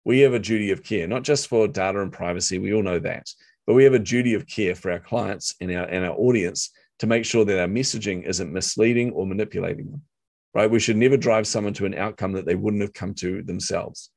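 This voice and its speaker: A middle-aged man with a New Zealand accent, an interview guest telling animated stories and acting out quotes. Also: fairly low pitch, a little fast, vocal fry. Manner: animated storyteller, acts out quotes. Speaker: guest, marketing coach. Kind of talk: storytelling interview chat.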